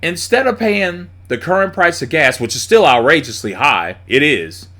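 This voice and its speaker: Male commentator, blunt and profane, lively swinging pitch, a bit high-voiced. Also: moderate pace. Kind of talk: opinionated monologue.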